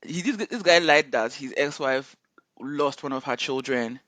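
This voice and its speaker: A man tells a story in a relaxed, chatty recap. He often slips into quoted voices and keeps a lively, amused tone. The recording is close and dry. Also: mid-range voice, a little slow, dry recording. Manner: animated retelling with frequent laughter and quoted voices. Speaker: co-host reviewing a viral video series.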